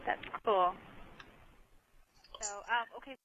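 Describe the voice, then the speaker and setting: A woman's voice: a little high, slow, fairly bright tone, lo-fi sound, a little hiss or hum. A woman in her thirties chatting on a video call, gushing and full of filler words. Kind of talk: casual chat over a video call.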